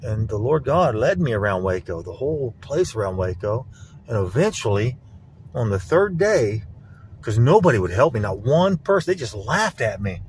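A man's voice: mid-range voice, sing-song, normal speed, a little hiss or hum. A middle-aged man filming a rambling vlog on his phone outdoors. He talks in an aggrieved, accusatory way and keeps repeating himself. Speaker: vlogger. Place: outdoors, around a lake. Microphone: handheld phone.

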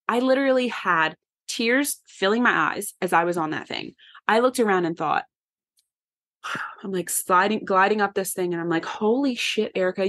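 A woman podcast host, candidly telling a personal story to her listeners in a lively, conversational way. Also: lowish voice. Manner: animated, candid, addresses listeners as y'all.

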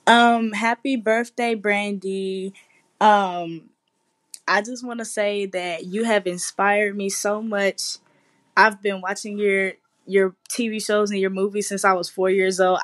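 A woman's voice: mid-range voice, fairly even intonation, a little slow. A woman recording an earnest birthday message as a fan, with hesitant fillers.

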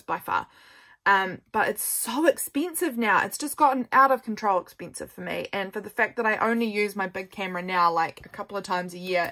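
A woman's voice: medium pitch, bright, forceful tone. A young woman chatting casually as she flips through her journal, rambling and correcting herself as she goes. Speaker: journaling vlogger.

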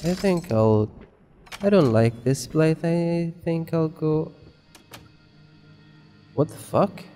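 A man's voice: on the high side, expressive, slow, mellow, faint music behind. A man giving casual, rambling let's play commentary on a horror game, swearing constantly and mocking himself. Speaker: gamer.

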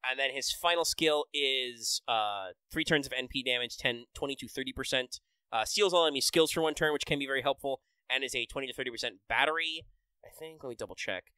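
A man's voice: mid-range voice, fast talker, bright, forceful tone, clear, resonant tone, no echo, rough recording. A man hosting a casual podcast, enthusiastically breaking down game details with many fillers. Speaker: podcast host. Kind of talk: casual podcast chat about a mobile game.

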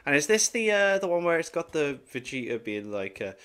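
A man's voice: on the high side, fairly quick, hardly any pauses, a bit bright, clean tone. A man hosting a reaction video, chatting casually and thinking aloud with hesitant, rambling asides.

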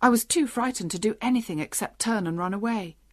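A woman's voice: mid-range voice, brisk, natural voice. A woman reading the part of a polite, frightened little man explaining himself in a storybook. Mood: earnest.

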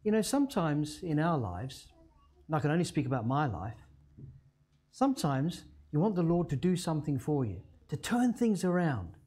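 A male pastor delivers a sermon in a mellow, warm voice. He tells the story dramatically, his pitch swinging widely, and he slows almost to a hush on the words he wants to land. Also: sing-song, breathy edge.

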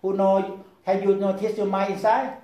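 A man who is a Buddhist monk with a Thai accent, Thai as his first language, guiding meditation slowly and haltingly, repeating words softly and often checking in with "okay?". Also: sits high, monotone, echoey room, rough recording. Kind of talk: guided meditation talk. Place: meditation hall at a Buddhist society.

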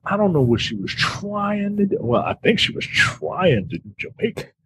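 A man's voice: high-pitched, sing-song, normal speed, fairly bright tone, slight background noise. A man co-hosting a podcast, casually recapping movie scenes with slang and fillers. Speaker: podcast co-host. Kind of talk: casual film review chat.

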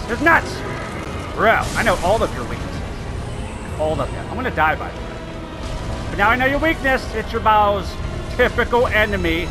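A man giving loud, excitable gameplay commentary, shouting, joking and swearing as he plays. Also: high-pitched. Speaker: let's play gamer. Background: loud game music.

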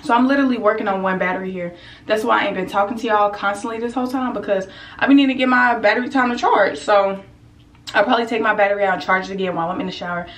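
A woman's voice: medium pitch, rapid-fire, fairly bright tone, roomy sound. A young woman chatting casually to her viewers in a home vlog, laid-back and talkative, filmed on a handheld camera indoors. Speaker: vlogger.

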